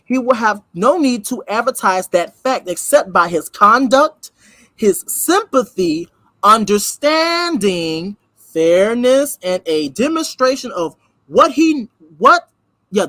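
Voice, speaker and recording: A woman's voice: mid-range voice, a bit bright, no echo. A woman hosting a commentary vlog, reading a text aloud and breaking off to react in an emphatic, conversational way that repeats key words and speaks straight to viewers. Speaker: host of a reaction channel.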